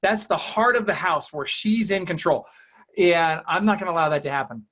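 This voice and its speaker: A man's voice: fairly high pitch, normal speed, a bit bright. A man coaching real estate agents in an interview, talking emphatically and acting out client dialogue.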